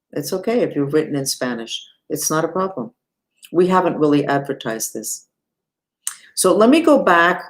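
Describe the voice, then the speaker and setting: A woman who teaches mantras and meditation, giving an unhurried live-streamed lesson and talking straight to her viewers. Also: sits low. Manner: unhurried, talks to viewers and reads the chat aloud.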